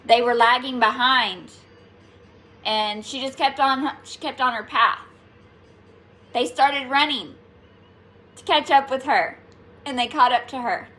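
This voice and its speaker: Chatty, bright-voiced spiritual reader woman. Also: high-pitched, a little slow, long pauses. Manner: chatty and playful, laughing often, swearing casually. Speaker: tarot reader. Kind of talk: casual spiritual reading to viewers.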